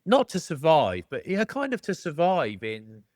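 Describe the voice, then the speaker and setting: A man's voice: on the high side, wildly swooping pitch, unhurried, a little mellow, no room sound, clean studio sound. A middle-aged Englishman with a jokey, matey manner, chatting casually as a podcast guest. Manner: jokey, matey, calls people mate. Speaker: podcast guest, former rugby player. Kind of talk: casual storytelling chat.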